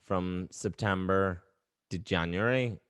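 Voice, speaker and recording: A man's voice: low-pitched, slow pace, fairly bright tone, clean tone. A young man hosting a podcast, talking in a hesitant, rambling way and then making his point emphatically. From Ireland. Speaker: podcast host, actor. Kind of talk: casual interview chat.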